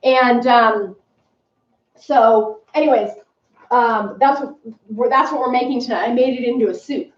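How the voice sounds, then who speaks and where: A woman's voice: on the high side, a little slow, a little hiss or hum. A woman casually chatting through a live home cooking demo, rambling and scattered as she works in her kitchen. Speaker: cooking vlogger. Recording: roomy, distant, dull mic.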